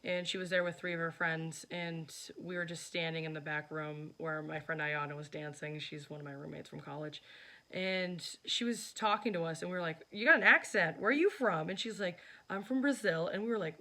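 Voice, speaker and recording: A woman's voice: deep voice, flat delivery, brisk, a bit bright. A young woman narrating her vlog in a chatty, casual way, with lots of fillers. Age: young adult. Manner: chatty, filler-heavy, teasing. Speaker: vlogger.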